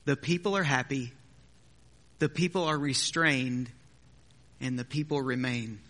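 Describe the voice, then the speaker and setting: A man's voice: medium pitch, measured pace, a bit bright. A man preaching a sermon as pastor, in a conversational way with joking asides. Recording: long hall reverb.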